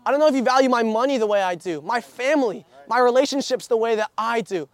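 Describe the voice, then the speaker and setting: High-voiced young man preaching. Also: quick pace, no echo. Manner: storytelling with frequent restarts and filler. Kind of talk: sermon.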